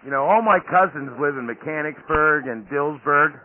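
A man's voice: on the high side, moderate pace. A man hosting a podcast interview, chatting casually and rambling with lots of fillers and restarts. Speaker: podcast host. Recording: tinny phone-line audio with faint noise.

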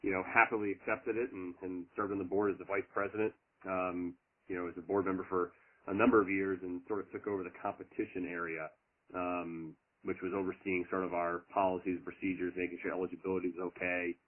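A man's voice: sits low, level tone, a little fast. A middle-aged man, a college lacrosse head coach, answering interview questions earnestly and at length with many fillers. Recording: tinny phone line.

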